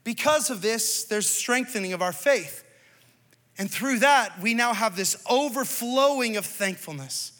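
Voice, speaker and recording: A male pastor in his thirties preaching a sermon, moving from storytelling to loud, rising exhortation. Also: high voice, expressive, unhurried. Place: church stage.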